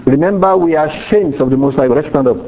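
A man's voice: a little high, fast, warm tone, low-quality recording. A middle-aged man preaching a sermon in a conversational way, acting out little quoted exchanges as he teaches. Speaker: pastor.

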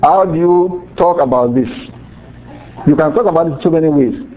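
A man's voice: on the high side, moderate pace, warm tone, slight background noise, rough recording. A middle-aged man preaching a sermon in a conversational way, acting out little quoted exchanges as he teaches. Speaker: pastor.

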